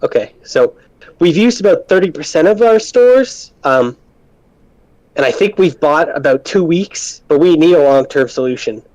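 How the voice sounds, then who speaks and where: A man's voice: a little high, expressive, moderate pace, darkish tone, no room sound. A man playing an engineer in a tabletop game, talking in a playful way. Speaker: player as engineer. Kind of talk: tabletop role-play. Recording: dry, dull mic.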